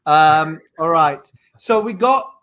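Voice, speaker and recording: A man on a headset making sales calls and joking with a co-host, quick and self-mocking. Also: fairly high pitch, animated, a bit bright. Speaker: sales trainer cold calling on a stream. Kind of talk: casual banter and sales calls.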